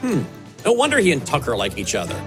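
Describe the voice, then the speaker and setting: Animated, pointed male commentator. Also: on the high side, fast, over music, low-quality recording. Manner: pointed, sarcastic critique. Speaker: radio commentator. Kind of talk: opinion commentary.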